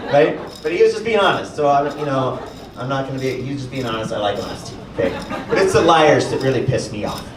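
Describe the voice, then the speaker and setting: A man performing a stand-up comedy set, telling stories with lots of animation and acting out other people in high voices. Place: comedy club stage with audience. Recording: echoey club, far-off mic, audience noise.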